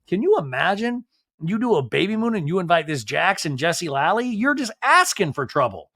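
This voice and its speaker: A man hosting a podcast, recapping a show in a jokey, animated way and acting out quotes. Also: high voice, normal speed, dry recording, studio quality. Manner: animated, jokey, acts out quotes in different voices. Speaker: podcast host. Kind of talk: casual recap commentary.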